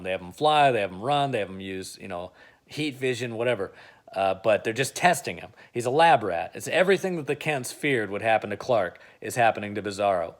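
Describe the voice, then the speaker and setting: A man casually retelling an imagined film plot in a chatty way, with lots of "uh" and "like". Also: lowish voice. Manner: chatty, with frequent "uh" and "like". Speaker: video creator.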